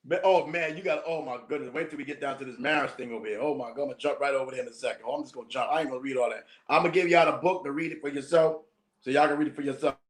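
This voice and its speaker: A man's voice: mid-range voice, steady tone, rapid-fire, echoey room. A man teaching as a minister, reading a text aloud and breaking off into slangy, joking asides with frequent laughs.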